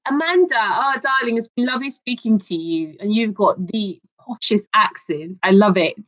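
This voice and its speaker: A woman's voice: mid-range voice, moderate pace, a bit bright, highs cut off. A woman hosting a casual live stream chat, bubbly and affectionate, calling callers darling and laughing often. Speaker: live stream host taking calls.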